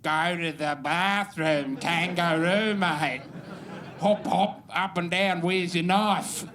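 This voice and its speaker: A man's voice: high-pitched, slow pace, fairly bright tone, slight background noise, voice pushed down, full character voice. A man voicing an American who mocks an Australian accent in a goofy, drawling way, in a stand-up routine. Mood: mocking.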